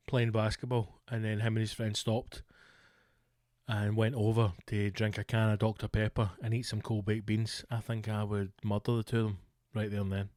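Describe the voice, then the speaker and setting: A man's voice: lowish voice, no echo, clean studio sound. A Scottish man hosting a solo comedy podcast, ranting with constant swearing and exasperated rhetorical questions. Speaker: podcast host.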